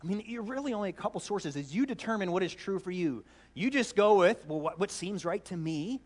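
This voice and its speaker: Lively high-voiced male preacher. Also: fairly quick. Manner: animated, storytelling with playful asides. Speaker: pastor. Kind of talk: sermon.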